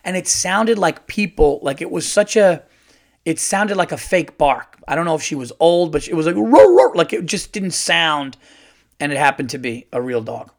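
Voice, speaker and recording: A middle-aged man, a stand-up comedian hosting his own podcast, tells a loose, animated story full of fillers. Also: fairly high pitch, normal speed, creaky. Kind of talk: casual solo podcast storytelling.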